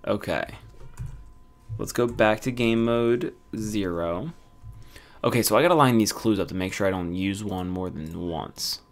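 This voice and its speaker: A young man giving casual, excitable commentary while he plays a game, laughing and thinking aloud. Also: lowish voice, a little slow, slight background noise. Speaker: gamer.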